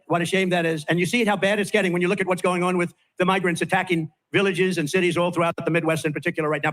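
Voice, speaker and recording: Fast-talking older man at a rally. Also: high voice, a bit bright. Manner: rambling, repetitive, off-the-cuff asides. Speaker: political candidate at a rally. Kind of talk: campaign rally speech. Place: rally stage.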